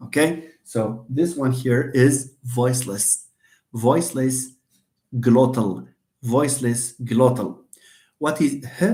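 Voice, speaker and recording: A man's voice: medium pitch, darkish tone, reverberant. A Moroccan man lecturing on phonetics in a live online class, demonstrating sounds and joking with his students. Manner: switches between English and Moroccan Arabic, jokes with students, demonstrates sounds. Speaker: university lecturer.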